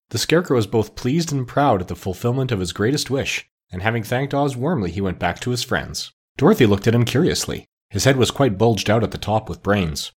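A man narrating a classic children's novel as an audiobook, in a measured, expressive storytelling manner. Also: fairly low pitch, slightly rough. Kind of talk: scripted narration.

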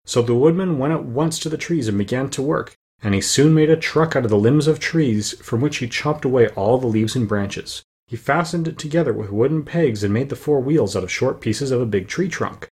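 A man reading a storybook aloud as narrator, steady and plain, with the odd small slip. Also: medium pitch, brisk, few pauses, breathy edge. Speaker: audiobook narrator.

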